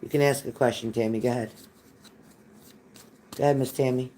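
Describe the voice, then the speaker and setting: A man's voice: mid-range voice, steady tone, a little fast, mellow. Folksy man doing live psychic readings. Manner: reassuring, folksy, repeats phrases, calls viewers honey. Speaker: psychic reader. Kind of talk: live-stream reading chat.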